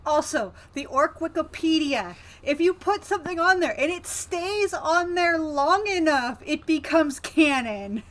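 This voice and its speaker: A woman co-hosting a stream, chiming in with quick dry asides in casual chat. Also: sits high, expressive.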